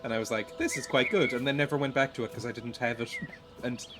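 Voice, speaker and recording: A man's voice: medium pitch, fairly even intonation, quick pace. A young man giving rambling, self-deprecating gameplay commentary, stumbling and repeating words as he plays at home. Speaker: streamer. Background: game music.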